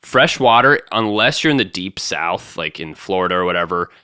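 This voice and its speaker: Casting: young male co-host, very low but lively voice, bright tone, crackly from morning, chatty with fillers. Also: normal speed, clean tone, no room sound, studio quality. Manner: animated, lots of "like" fillers. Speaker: podcast co-host. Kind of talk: casual chat.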